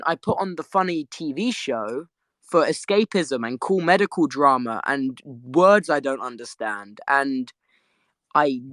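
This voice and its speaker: A man's voice: on the high side, fairly bright tone, dry recording, clean studio sound. A young English man, tired after little sleep, chatting casually as host of a live audio stream. He rambles through a story, laughing and restarting his sentences, and speaks from his bed. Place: sitting in bed at home.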